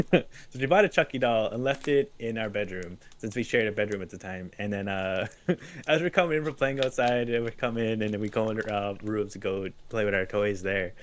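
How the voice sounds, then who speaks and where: A man as a podcast guest, telling childhood stories in casual chat, laughing often and acting out quotes loudly. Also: on the low side, animated, moderate pace, a little hiss or hum. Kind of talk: casual storytelling.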